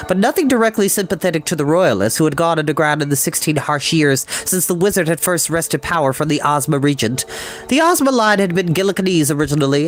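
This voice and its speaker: A man reading a novel aloud as storyteller, thoughtful, stopping to comment and sometimes stumbling on hard words. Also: a little high.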